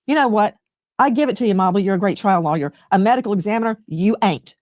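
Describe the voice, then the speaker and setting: A woman hosting a TV legal show, grilling a guest with forceful, combative, sarcastic questions. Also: mid-range voice, no room sound. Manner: combative, rapid-fire, sarcastic. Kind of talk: forceful cross-examining questions.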